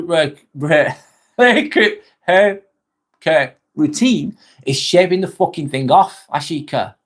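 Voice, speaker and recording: Young English male streamer, casual chat host, relaxed and swearing, voice a touch high. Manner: chatty, swears casually, laughs often. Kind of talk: casual live chat reading comments.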